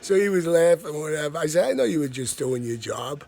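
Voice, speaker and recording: Gravelly profane man in his fifties. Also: on the high side, animated, a little fast, a little mellow. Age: 50s. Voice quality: gravelly, husky. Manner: profane, blunt, laughs between lines. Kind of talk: casual storytelling rant.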